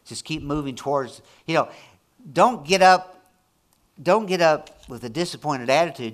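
A man preaching a sermon, moving between quiet, low passages and loud, high-pitched, excited prayer. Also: moderate pace. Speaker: pastor.

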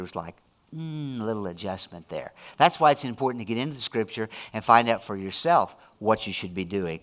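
A middle-aged man preaching a sermon as pastor, emphatic, swinging between loud declarations and hushed, intimate asides. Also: on the low side.

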